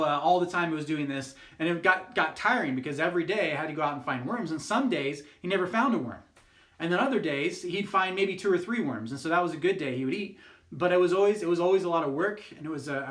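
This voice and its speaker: Youth pastor guy rambling thru a story, um and uh everywhere, kinda high voice, echoey room. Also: a bit bright. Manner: casual, rambling storytelling with many fillers and restarts. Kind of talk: youth group devotional talk.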